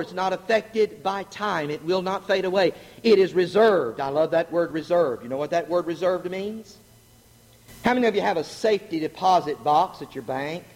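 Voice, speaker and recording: A middle-aged man preaching a sermon, animated and joking, asking the congregation questions. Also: high-pitched. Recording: long hall reverb.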